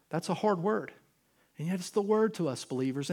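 A male pastor preaching a sermon earnestly, moving between loud urgent stretches and quiet, intimate ones. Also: a little high, animated, a little fast.

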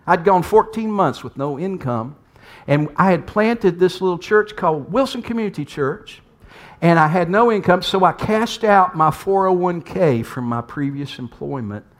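Male pastor, earnest storytelling preacher with emphatic repetition and a somewhat high voice. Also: lively intonation, moderate pace. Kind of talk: storytelling sermon.

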